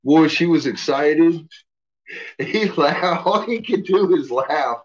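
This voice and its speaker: Brief: man with a dull-sounding phone recording, unhurried and amused, narrating his pets with plenty of swearing. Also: a little high, animated. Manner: amused, profane, voices his dogs' thoughts. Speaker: dog owner filming his pets. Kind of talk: casual commentary to camera. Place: house basement. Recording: dull lo-fi home video.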